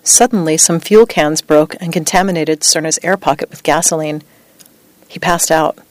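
A woman reading a true story as scripted narration, with a measured, even delivery. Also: low voice, dry recording.

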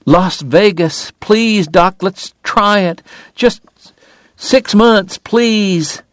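A man's voice: a little high, fairly even intonation, slow, vocal fry, mellow, no echo, pitched above the performer's own voice, heavily acted. A man voicing a tearful woman pleading with her dying lover, in a storybook reading. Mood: begging. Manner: pleading, tearful, mixes French.

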